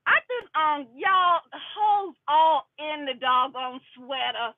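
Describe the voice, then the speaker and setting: A woman in her fifties chatting on a live stream, animated and laughing, talking to her viewers as y'all. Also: high voice, takes it slowly, dry recording. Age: 50s. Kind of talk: casual live-stream chat. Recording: tinny phone-quality audio, dry.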